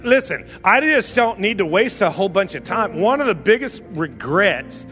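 A man's voice: sits high, sing-song, moderate pace, fairly bright tone. A man in his fifties preaching a sermon, urging the congregation on with fervent, repetitive exhortations and direct asides to listeners, over faint music. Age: 50s. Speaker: pastor. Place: church sanctuary.

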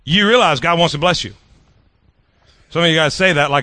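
A middle-aged male pastor preaching a sermon in an animated, joking way, often repeating his words. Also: on the high side, fairly quick, no echo.

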